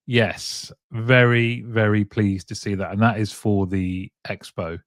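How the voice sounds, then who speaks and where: Guy hosting a live stream, lowish voice, chatty, laughs a lot, dry close mic. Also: flat delivery, slow pace, few pauses, dry recording. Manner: chatty, chuckles often, reads out viewer comments. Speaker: show host. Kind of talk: casual live-stream chat.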